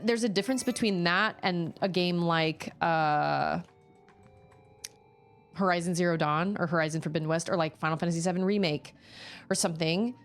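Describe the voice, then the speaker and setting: A woman streaming a game, chatting casually and reacting with quick exclamations as she plays. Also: on the low side. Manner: chatty, animated, quick exclamations and laughs while playing. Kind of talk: casual live-stream chat while gaming. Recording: faint game music behind.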